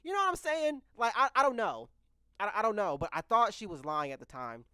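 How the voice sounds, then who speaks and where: A young man in his twenties spinning a storytime tale with a sharp, bright voice. He is animated, laughs often, trips over his own words, and swears freely as he talks straight to the camera. The sound is close and dry. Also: high voice, fairly quick, smooth, no echo. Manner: swears casually, addresses viewers directly. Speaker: vlogger telling a story. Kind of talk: casual storytime monologue.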